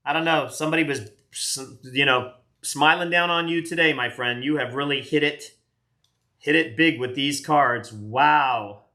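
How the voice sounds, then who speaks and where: A man's voice: medium pitch, bright, forceful tone. A man in his late fifties, chatting casually as he opens trading card packs on a live stream, rambling and self-deprecating. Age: 50s. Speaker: card collector doing a live box break.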